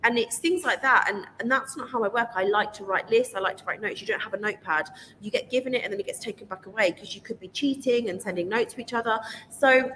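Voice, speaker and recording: A woman guest chatting casually on a podcast, telling animated stories and acting out what people said. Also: on the high side, quick pace. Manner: animated storyteller who acts out quotes. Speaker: guest, business owner and TV contestant. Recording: long hall reverb with faint noise.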